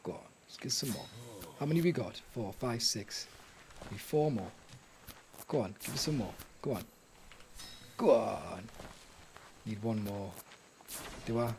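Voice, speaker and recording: A man's voice: fairly low pitch, expressive, a little slow, long pauses, darkish tone, slight background noise. A man streaming a survival game live, chatting to himself and his viewers in a rambling, self-mocking way. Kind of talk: live gameplay chat.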